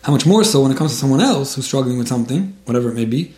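A man's voice: medium pitch, lively intonation, racing, a little mellow. A man giving religious advice in a casual talk, earnest, often stammering and restarting his words. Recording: roomy echo.

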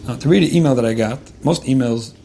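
A man's voice: mid-range voice, quick pace, vocal fry, dark tone, a little hiss or hum. A man giving earnest, conversational relationship advice, often restarting his phrases and mixing in religious Jewish terms. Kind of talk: informal advice talk.

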